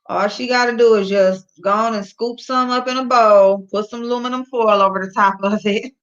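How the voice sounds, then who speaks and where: A woman chats her way through a livestream in a bright, forceful voice, answering the chat and scolding her dog between loud laughs. The sound is dull and lo-fi, like a built-in mic. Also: mid-range voice. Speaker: livestream host reading chat.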